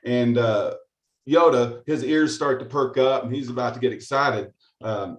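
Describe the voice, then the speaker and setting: A man's voice: medium pitch, unhurried. Hesitant middle-aged man, echoey room. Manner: hesitant, many fillers and restarts. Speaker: call participant. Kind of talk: casual storytelling.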